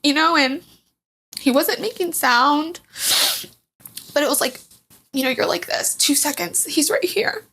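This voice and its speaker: A woman's voice: high voice, measured pace, vocal fry, long pauses, bright, forceful tone. A woman telling her own story as a podcast guest, candid and emotional, rambling with fillers. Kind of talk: personal storytelling in a podcast interview.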